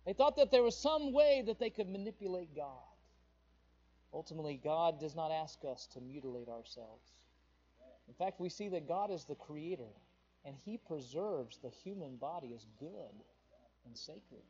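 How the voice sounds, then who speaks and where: A male pastor preaching a sermon with passion, his voice surging louder on the emphatic points. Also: on the high side, lively intonation, moderate pace, husky, dull audio.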